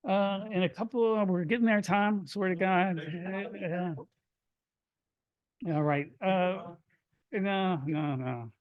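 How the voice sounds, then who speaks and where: A man from Kentucky, a poet, reading his poems aloud in a hushed, measured way, with brighter chatty asides to an audience between them. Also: high voice, no room sound, narrow, tinny audio. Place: reading event before an audience.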